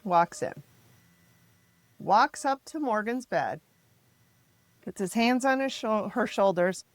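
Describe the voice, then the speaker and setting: A middle-aged mother from the American Midwest telling her family's story in an interview, emphatic and frank, turning animated when she quotes others. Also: mid-range voice, slow, no room sound. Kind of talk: personal storytelling in a podcast interview.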